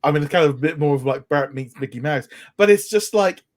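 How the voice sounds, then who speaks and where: A man's voice: on the high side, lively intonation, fast talker. A man co-hosting a podcast, chatting with eager enthusiasm and frequent restarts. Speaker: podcast co-host. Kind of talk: casual chat.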